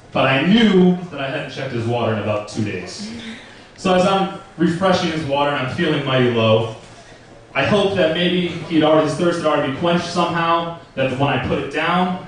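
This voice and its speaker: A man's voice: mid-range voice, far from the mic. A young man doing a stand-up comedy set in a club, telling stories in a crude, profane, casual way. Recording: roomy club recording from afar.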